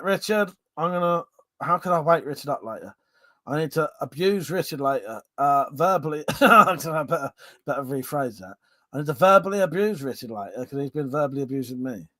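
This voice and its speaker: An English man with a fairly high voice hosts a relaxed late-night livestream over a drink. He reads viewers' messages aloud and answers them with jokes, laughter and easy swearing, often repeating his agreement. The sound is dry and close. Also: no room sound. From Buckinghamshire, England. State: having a drink. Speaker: livestream host. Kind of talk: casual live-stream chat, reading viewer comments aloud.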